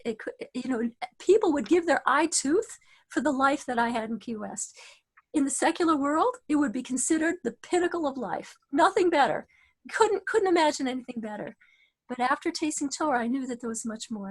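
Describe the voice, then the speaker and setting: Woman, high voice, middle-aged, religious talk, halting, restarts a lot. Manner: halting, many restarts, earnest storytelling. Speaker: religious teacher. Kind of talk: spoken Torah talk with personal stories.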